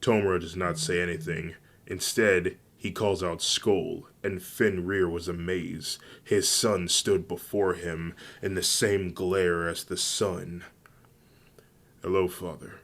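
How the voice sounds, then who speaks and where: A man reading a fan fiction story aloud in a plain, even way. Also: sits low, slow, hardly any pauses.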